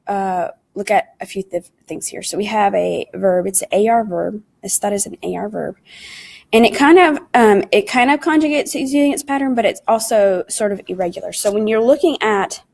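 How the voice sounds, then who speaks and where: A woman's voice: medium pitch, a little mellow. A woman teaching an online Spanish lesson in English. She explains patiently, step by step, mixes in Spanish words and conjugations, and often calls the class "guys".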